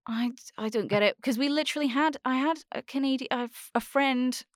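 A young woman with a soft Scottish accent chatting casually as a podcast host, rambling, candid and freely swearing. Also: high-pitched, brisk, dry recording, clean studio sound. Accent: soft Scottish, Edinburgh-like. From born in Australia, raised between Scotland and Australia. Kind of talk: casual chat.

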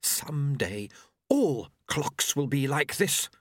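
A man voicing Jeremy, a high-strung young male clockmaker who talks in a shrill, excitable, nervously precise way. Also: slow pace, no echo, studio quality, exaggerated voice. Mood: eager.

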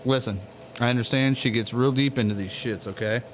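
A man co-hosting a casual podcast from a garage, telling stories loudly and profanely, a little tipsy from drinks. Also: medium pitch, a little fast, slight background noise. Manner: loud, profane, animated storyteller. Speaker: podcast co-host. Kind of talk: casual chat.

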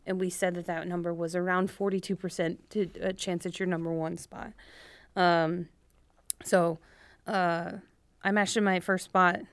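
A woman's voice: fairly low pitch, no room sound. A woman in her twenties co-hosting a casual podcast, chatty and playful with many fillers. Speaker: podcast co-host. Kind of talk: casual chat among medical students.

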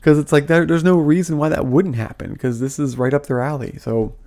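A young man vents in a loose, off-the-cuff vlog rant. His mid-range voice keeps climbing as he gets heated, full of likes, restarts and half-finished thoughts. It sounds like an ordinary talker thinking out loud. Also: medium pitch, a little fast, hardly any pauses. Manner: animated, heated, many fillers and restarts. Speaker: vlogger, former ministry school student. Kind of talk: casual ranting commentary.

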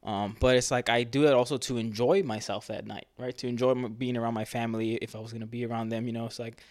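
A man's voice: medium pitch, steady tone, fast, no room sound, studio quality. A man co-hosting a casual fitness podcast as a trainer, rambling with lots of fillers like "you know" and "right".

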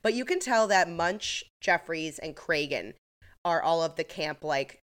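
Woman co-host, somewhat low pitch, loose filler-heavy recap chat. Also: animated, measured pace, a bit bright. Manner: chatty, filler-heavy retelling with laughs. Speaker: podcast co-host.

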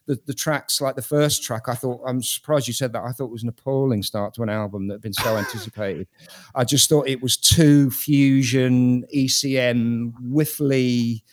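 A man's voice: medium pitch, fairly even intonation, moderate pace, hardly any pauses. A man with a British accent, giving blunt opinions on an album in a casual panel discussion, often repeating words as he thinks. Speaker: music critic.

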